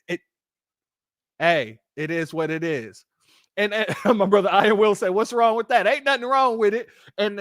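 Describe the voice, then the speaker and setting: Man, Californian accent, live-stream host, high voice, dry close sound. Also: no room sound. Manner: animated storytelling, laughing often. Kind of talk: casual live-stream commentary.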